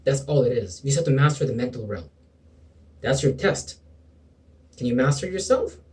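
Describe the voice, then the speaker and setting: A man's voice: medium pitch, expressive, moderate pace, darkish tone, far from the mic, low-quality recording. A man giving an impassioned spiritual pep talk to camera, preachy and sometimes sarcastic, calling the listener bro and man. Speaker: motivational video preacher.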